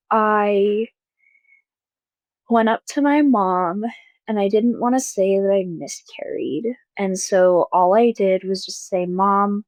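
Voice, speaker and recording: A young woman telling a painful personal story as a podcast guest, halting and soft, with pauses and fillers. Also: mid-range voice, dry recording, rough recording.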